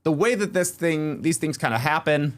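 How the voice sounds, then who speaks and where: Steady-talking podcast co-host, slightly high. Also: male voice, normal speed. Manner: steady, explanatory. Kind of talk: casual sports analysis.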